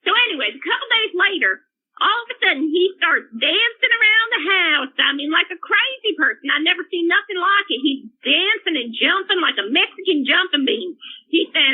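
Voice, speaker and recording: A furious mother rants down the phone at the hosts, her voice high and swinging wildly. She is shrill and indignant, never letting anyone get a word in. The sound is squeezed and tinny, like a phone call. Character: irate middle-aged mother calling into a show. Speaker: caller.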